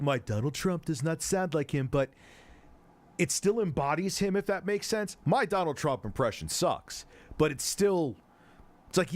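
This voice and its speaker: A man hosting a casual livestream commentary, rambling, cursing freely and often cutting himself off mid-sentence. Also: medium pitch. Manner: rambling, profane, self-interrupting. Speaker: host.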